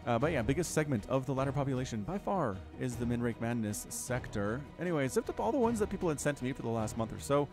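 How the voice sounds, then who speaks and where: Male esports caster, solo play-by-play, animated pitch, rambling and self-mocking, music bed underneath. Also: quick pace, few pauses. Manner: chatty, rambling, self-deprecating jokes. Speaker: game commentator.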